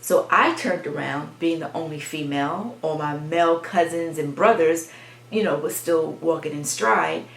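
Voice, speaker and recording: A woman vlogger telling a personal story from her childhood, reflective and pausing as she talks. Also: deep voice, vocal fry. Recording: echoey room.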